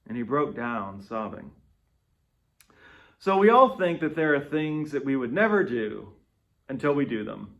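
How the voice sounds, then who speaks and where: A man's voice: mid-range voice, big pitch swings, moderate pace, a bit bright. A man reading scripture and reflecting on it as a devotional speaker. He talks in a conversational way and often checks in with "right?". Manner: conversational, tags points with "right?".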